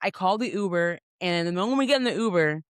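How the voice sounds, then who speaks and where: A young woman hosting a podcast, telling a story in casual chat, animated and full of fillers, acting out what people said. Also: lowish voice, quick pace, clean tone, no echo, studio quality. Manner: animated, many "like" fillers, acts out quotes. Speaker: podcast host.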